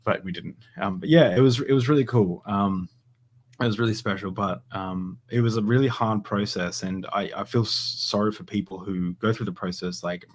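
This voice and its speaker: Low-voiced man chatting casually. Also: normal speed. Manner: rambling, many fillers and restarts. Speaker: podcast host. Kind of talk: casual chat.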